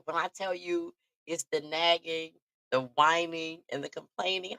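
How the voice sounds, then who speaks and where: A woman hosts a chatty show and tells stories with lively energy, breaking into laughter often. Her voice sits a little low but sounds bright and forceful, and the recording is dry and close. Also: normal speed, vocal fry, no echo. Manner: animated, laughs often, talks straight to listeners. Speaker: podcast host. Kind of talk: casual storytelling chat.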